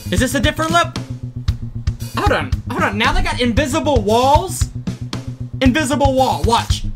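Excitable man yelping through a game. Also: very high-pitched, brisk. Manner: excitable, yelps and shouts at near misses; self-hyping, slangy banter. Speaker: gaming channel host. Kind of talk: let's play commentary. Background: game music.

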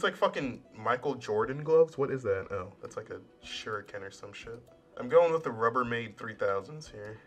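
A young gaming channel host with a bright, pushed, mid-range voice commentates casually on a video game as he plays it. His let's play is profane, sarcastic, and full of jokes, with plenty of swearing and back talk aimed at the characters.

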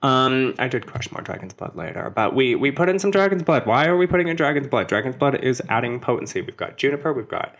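A young man hosts a relaxed spell-making vlog. He talks in a medium-pitched voice, chatty and wry, and keeps drifting off into sarcastic side comments. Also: fast, hardly any pauses. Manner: chatty, sarcastic asides, jumps between topics. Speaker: witchcraft video host. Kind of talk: casual spell-making tutorial.

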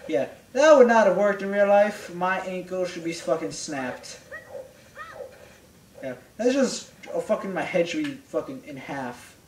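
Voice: medium pitch, a little slow, a little hiss or hum. A young adult player chatting casually and profanely while gaming. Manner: profane, animated, mock voices. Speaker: game player. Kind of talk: casual let's-play banter. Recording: echoey room, distant mic.

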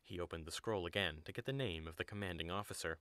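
A man narrating an audio drama in an even storybook manner. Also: low voice, quick pace, no room sound, clean studio sound. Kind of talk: scripted narration.

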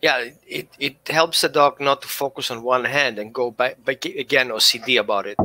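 A man's voice: mid-range voice, fairly even intonation, normal speed, sharp tone. A man co-hosting a casual chat about dog training, adding short remarks as he watches a video. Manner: brief interjections and observations. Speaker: co-host of a dog training talk.

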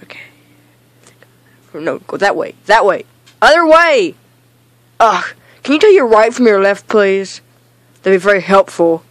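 Exasperated woman shouting gaming orders. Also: medium pitch, animated, normal speed, pauses often, no room sound. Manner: exasperated, bossy, shouts while insisting she isn't yelling. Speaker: gamer in a comedy skit. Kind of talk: comedic gaming rant.

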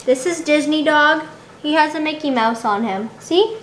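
A woman's voice: sits high, moderate pace, slight background noise. A young woman vlogging at home, chatting to the camera in a dramatic, giggly way. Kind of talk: casual chat to camera. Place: indoors at home. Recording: roomy home recording.

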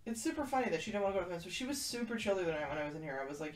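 A woman's voice: lowish voice, lively intonation, racing. A woman hosting a casual livestream from a kitten room, chatting and answering viewers' messages as she goes. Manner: chatty, reads and answers chat aloud. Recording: echoey room, far from the mic, noisy.

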